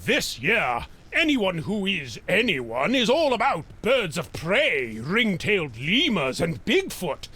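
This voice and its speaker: An actor voicing a haughty, pompous stage actor in a video game. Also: male voice, sits high, wildly swooping pitch, slow pace, sharp tone, breathy edge, full character voice. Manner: pompous, theatrical.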